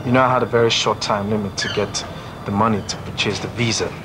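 A man's voice: on the low side, fairly even intonation, fast talker, background noise, lightly acted. A man playing a desperate, pleading young man. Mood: recalling. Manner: pleading, repeats himself. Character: desperate young man begging for visa money. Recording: loud film soundtrack music.

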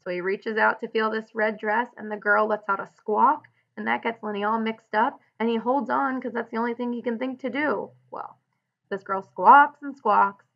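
A woman reading aloud the lines of a blunt, weary ranch-hand man who protects his friend, in a rough, plain-spoken way. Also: a little high, steady tone, moderate pace, highs cut off. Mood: telling.

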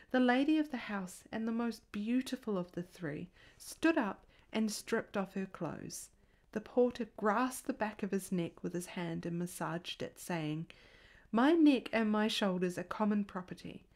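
A woman reading an old folk tale aloud as a bedtime story, soft and unhurried, lifting her voice lightly for the characters' lines. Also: medium pitch, expressive.

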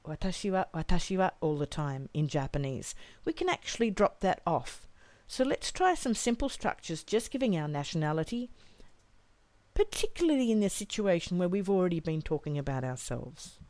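A woman teaching a language lesson, modelling each phrase slowly and carefully for learners to repeat. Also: on the low side, darkish tone, dry recording.

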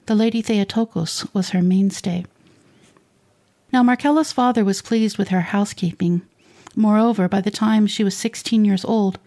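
A woman reading a saint's life aloud for children, in a slow, measured storybook narration. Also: medium pitch, mellow. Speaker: reader of saints' lives for children.

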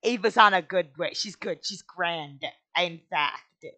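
Excitable let's play host with a bright, sharp tone. Casual commentary with goofy exclamations and sudden squeals. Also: mid-range voice, a little slow. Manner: excitable, bursts into squealing shouts.

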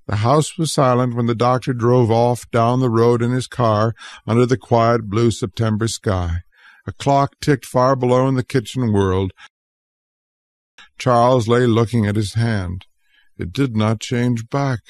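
Slow, deliberate male storyteller. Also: medium pitch, fairly even intonation, dry recording. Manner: slow, clear, deliberate reading. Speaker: storyteller for English learners. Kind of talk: scripted audiobook narration.

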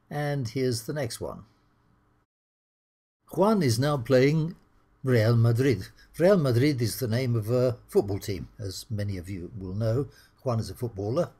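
A middle-aged British man with a husky voice, teaching English slowly and clearly over slides. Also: mid-range voice, sing-song, dark tone. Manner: slow, clear teaching delivery, acts out the dialogue lines.

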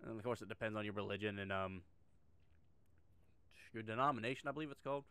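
A man's voice: on the low side, fast talker, bright, forceful tone, clear, resonant tone, no room sound. Man, middle-aged, sarcastic reaction commentary, swears a lot, dry recording. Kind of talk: profane casual reaction commentary.

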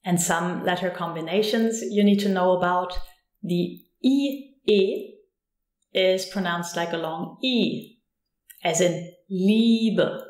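Slow, careful German woman teacher. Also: fairly low pitch, echoey room. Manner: slow, deliberate modelling of sounds with careful repetition. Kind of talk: pronunciation lesson.

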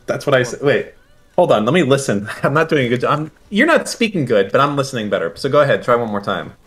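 Host type: American man, lively swooping delivery, crude banter, casual stream chat. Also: mid-range voice, quick pace, slightly rough. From United States. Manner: profane, animated, mimics accents jokingly.

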